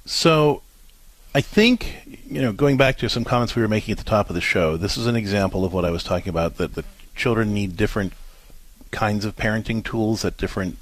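A man's voice: fairly low pitch, a little fast. A man co-hosting a parenting show, explaining in an earnest, fumbling way with many restarts. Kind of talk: advice talk.

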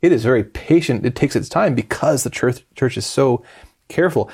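A man hosting a religious discussion, explaining in a measured way. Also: mid-range voice, animated, darkish tone, slightly rough.

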